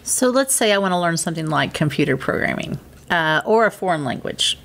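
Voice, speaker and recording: A woman from the United States hosts an interview in a low, gravelly voice. Her pitch swings widely, and she laughs easily between her questions. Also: animated, fairly quick. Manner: warm, laughs readily. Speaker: interview host. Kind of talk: conversational interview.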